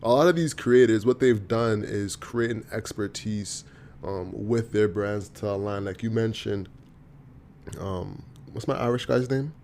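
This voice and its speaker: Podcast host guy, low voice, laid back slang, keeps the talk moving, light hum behind. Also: a little slow, darkish tone. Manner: casual, uses slang, steers the talk. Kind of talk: casual chat.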